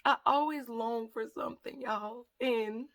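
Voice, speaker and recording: A woman's voice: on the high side, unhurried. A woman vlogger, talking openly and emotionally in a rambling, heartfelt way, tearful at times. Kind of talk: emotional casual vlog talk.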